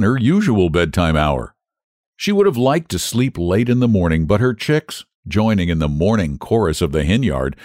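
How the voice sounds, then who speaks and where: A man narrating a children's storybook with a lively, sing-song delivery. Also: fairly low pitch, no echo, clean studio sound. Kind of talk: storybook reading.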